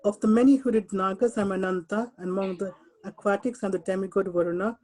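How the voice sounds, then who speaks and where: A woman reading an English translation of scripture in a group session, slow and careful, sometimes stumbling over names. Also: medium pitch, fairly even intonation, a little mellow, low-quality recording. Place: someone else's home, on an unfamiliar computer.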